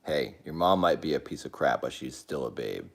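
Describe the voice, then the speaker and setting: A man hosting a casual live stream, rambling to his chat with sudden excited outbursts. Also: extremely low pitch, normal speed, vocal fry.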